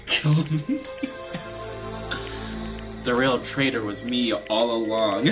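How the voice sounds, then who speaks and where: A man's voice: medium pitch, takes it slowly. A young man doing casual live-stream commentary over a video game, laughing constantly between rambling, self-mocking asides. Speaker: let's play streamer. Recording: game music playing behind the voice. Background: game background music.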